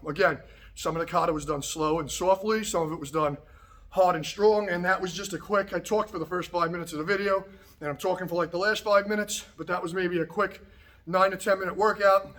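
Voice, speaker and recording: A karate instructor talks straight to the camera after a workout, his fairly high voice still carrying a little breathlessness. He coaches in a loose, easygoing way and keeps checking in with his viewers. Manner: relaxed, repetitive coaching with frequent okay and right. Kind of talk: casual instructional talk to camera. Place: martial arts practice space, indoors.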